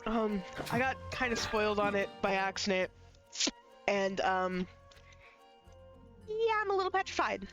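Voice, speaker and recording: A woman's voice: medium pitch, expressive, a little slow, long pauses, a bit bright, poor audio. A woman streaming a video game live, chatting casually and jokingly as she plays, rambling and now and then swearing. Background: faint game music.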